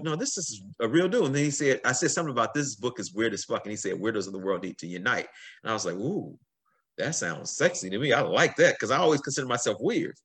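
A middle-aged man, a guest on a podcast, telling stories in a casual, animated way, swearing freely and acting out what people said. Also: medium pitch. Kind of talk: casual storytelling.

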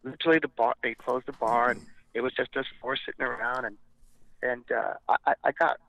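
A man's voice: medium pitch, fairly quick, gravelly, lo-fi sound. A male rock frontman from California telling stories in a casual interview, acting out what others said and swearing freely. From Montebello, California. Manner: animated storyteller, acts out quoted voices, swears casually. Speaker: rock band frontman, guest.

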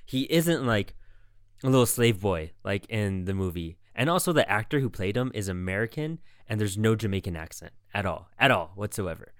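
A man's voice: on the low side, expressive, normal speed, a bit bright, clean tone, no echo, studio quality. A man co-hosting a podcast in a casual chat, rambling with lots of fillers. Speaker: podcast co-host.

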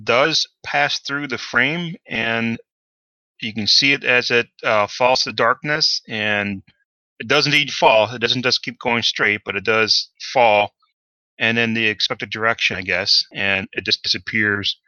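Male game master for a tabletop session; halting narration, bright voice, close dry sound. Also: medium pitch, no echo, rough recording. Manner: hesitant, many fillers.

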